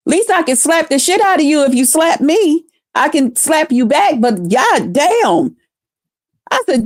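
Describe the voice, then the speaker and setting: A woman hosting a live stream, ranting in a blunt, profane, mocking way with drawn-out emphasis. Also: high voice, big pitch swings, no room sound, studio quality.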